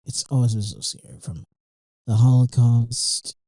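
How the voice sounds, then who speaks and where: A man's voice: mid-range voice, fairly even intonation, unhurried, dark tone, dry recording, poor audio. A young man hosting a podcast, talking in a rambling, emotional way with lots of fillers, restarts and swearing. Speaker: podcast host. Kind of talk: casual monologue.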